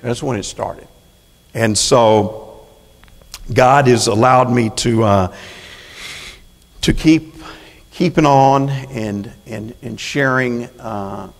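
A gravelly-voiced man preaches a sermon in a church, folksy and conversational, then rising into fervent, emphatic calls to the congregation. His voice carries a long hall reverb around it. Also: mid-range voice, slow, pauses often. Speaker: prison chaplain preaching. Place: church sanctuary.

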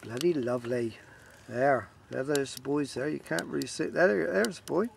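At an evening fishing match by a lake, a vlogger chats to camera and jokes around with friends at normal speed. His voice is mid-range and gravelly, and the outdoor recording picks up faint ambient noise.

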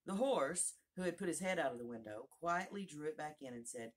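A woman reading a children's classic aloud, expressive and giving each character its own voice. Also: low-pitched, fairly quick. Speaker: narrator, audiobook reader. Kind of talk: storybook read-aloud.

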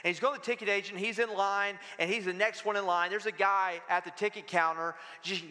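High, bright-voiced pastor in a hall. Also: male voice, fairly quick. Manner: animated storytelling with humor. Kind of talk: sermon. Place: church sanctuary.

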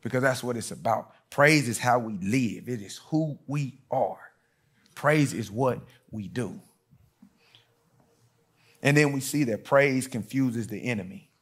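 A middle-aged man preaching a sermon, telling stories and acting out quoted voices, swinging between loud and hushed. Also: mid-range voice, measured pace, husky. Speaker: pastor.

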